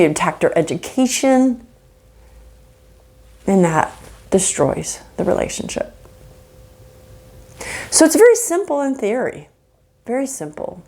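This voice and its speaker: Animated woman giving marriage advice. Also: mid-range voice, vocal fry. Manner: animated, earnest, acts out example dialogues. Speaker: marriage counselor. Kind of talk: faith-based relationship teaching.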